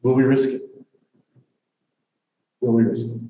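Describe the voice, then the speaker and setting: Man, pastor, earnest sermon, mellow dark tone, roomy hall, distant mic. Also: medium pitch, fairly even intonation. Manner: earnest, reflective, with long pauses. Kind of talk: sermon and congregation Q&A.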